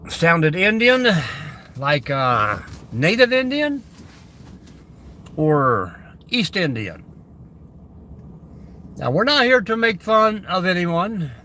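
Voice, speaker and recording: A man's voice: high-pitched, very animated, slow, pauses often, sharp tone, a little hiss or hum. A man hosting a casual livestream about camping, rambling along and greeting viewers by name. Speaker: camping channel host.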